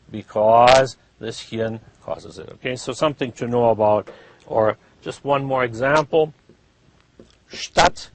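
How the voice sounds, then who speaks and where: A man teaching a German class, drawing out vowels to demonstrate them and checking in with "huh?" after each point. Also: medium pitch. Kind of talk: classroom lecture.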